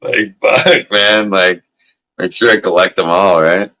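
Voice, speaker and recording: Laid-back swearing man, bright tone. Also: low voice, unhurried, poor audio. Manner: loose, profane, laid-back rambling. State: coughing now and then from smoking. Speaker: livestream host. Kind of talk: casual livestream chat. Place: indoors at a grow setup.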